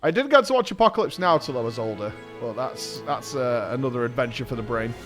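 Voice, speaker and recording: A man commenting casually on his game stream, talking lower and quieter than his in-game voices. He jokes, swears and laughs at himself between scenes. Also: expressive, quick pace, faint music behind.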